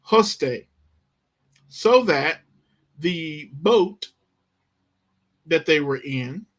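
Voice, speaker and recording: Slow, emphatic male Greek teacher. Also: fairly high pitch, expressive, a bit bright. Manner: slow, emphatic, acts out the disciples' panic. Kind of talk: Bible Greek lesson.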